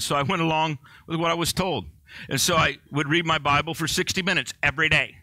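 A man's voice: on the high side, fairly even intonation, a little fast, pushed and bright, no room sound. A male pastor preaching a sermon in a conversational way, joking and poking fun at himself.

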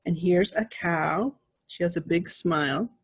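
A woman's voice: fairly low pitch, breathy edge, dry recording. An older woman, a grandmother, reading a picture book aloud to small children, pointing out animals in the pictures. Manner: gentle, slow, pointing at pictures.

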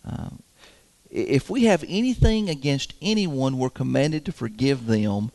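A man's voice: medium pitch, expressive, measured pace, mellow. A man preaching a sermon to his congregation in a folksy, emphatic way, chuckling often. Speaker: pastor. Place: church sanctuary.

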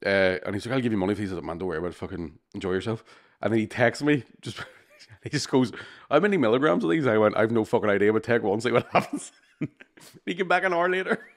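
A man's voice: lowish voice, animated, quick pace. A man telling sweary, laughing stories as a podcast co-host in casual chat.

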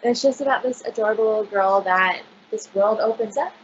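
A woman's voice: mid-range voice, fairly quick, lo-fi sound, slight background noise. A woman librarian chatting casually on a video call, gushing about picture books with lots of fillers. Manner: bubbly, gushing, filler-heavy.

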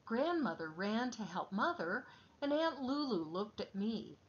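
Woman, storybook reading, slow, lively intonation, slightly dull recording. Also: fairly high pitch, a little hiss or hum.

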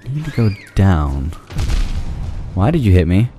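A man's voice: sits low, big pitch swings, measured pace, mellow, slight background noise. A man giving goofy gameplay commentary, talking back to the enemies on screen, yelping and pleading with them when the fight goes badly. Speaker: let's play commentator.

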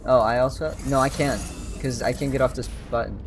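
A man's voice: mid-range voice, steady tone, a little fast, over music. A young man hosting a casual gaming stream, joking and teasing his co-op partner and laughing often. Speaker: streamer host.

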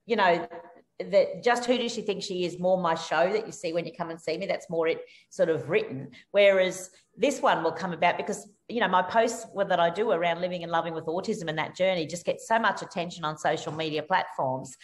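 A woman speaking as an interview guest, telling anecdotes animatedly over a video call. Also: fairly quick. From Australia. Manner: animated storytelling, rises sharply in pitch for lively anecdotes. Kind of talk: conversational interview.

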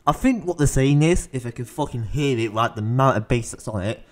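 A man's voice: mid-range voice, lively intonation, a little fast. A man hosting a reaction video, rambling and blunt with plenty of swearing. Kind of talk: casual reaction commentary.

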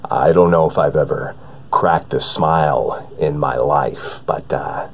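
A man doing a slow, dead-serious impression of a humorless male film actor. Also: very deep voice, creaky, slightly rough, pitched below the performer's own voice, exaggerated voice. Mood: grave. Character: intense, humorless middle-aged male actor.

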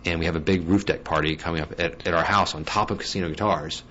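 A man being interviewed as a guest, talking in a quick, joking, restless way. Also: low-pitched, steady tone, sharp tone. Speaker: guest musician and guitar teacher. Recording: dull lo-fi sound with faint hiss.

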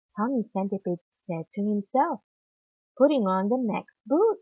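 A woman reading a children's picture book aloud in an animated, expressive manner. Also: mid-range voice, a little slow, husky, no room sound, lo-fi sound. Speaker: storyteller.

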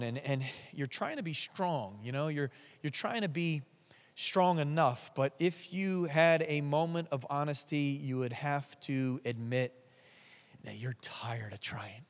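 A man preaching a sermon as pastor, animated in his storytelling and dropping to soft, hushed lines. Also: mid-range voice. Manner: animated storytelling, drops to soft near-whispers. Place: church. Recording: church hall with long reverb.

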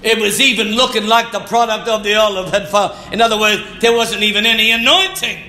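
A man preaching with a high, very bright voice that rings in an echoey church room. He speaks slowly and fervently, repeats his phrases and now and then shouts or sings a line. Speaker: pastor. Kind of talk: sermon.

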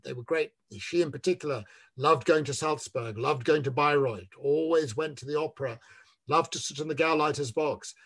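A man talking about his book in an online discussion, measured and emphatic, leaning on words when he lists them. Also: fairly high pitch, fairly bright tone. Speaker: author in a book talk.

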